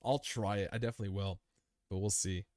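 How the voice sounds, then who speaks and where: A man's voice: fairly low pitch, steady tone, quick pace, a little mellow, no echo, clean studio sound. A man hosting a crypto live stream, chatting casually and answering viewer comments in a rambling, chummy way, worn out after a long session. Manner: laid-back, rambling, chummy, calls viewers dude.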